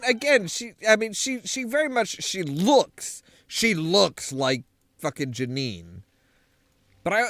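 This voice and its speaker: A man's voice: high-pitched, a bit bright, no echo. A man casually commenting while playing a game, rambling with frequent restarts. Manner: rambling, many restarts and swears. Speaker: game streamer. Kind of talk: casual let's-play commentary.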